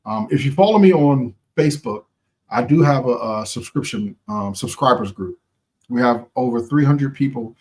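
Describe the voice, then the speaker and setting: A man's voice: medium pitch, lively intonation, moderate pace, darkish tone. A man hosting a live stream, giving an impassioned, preachy motivational talk in casual slang, repeating phrases for emphasis and talking straight to his viewers.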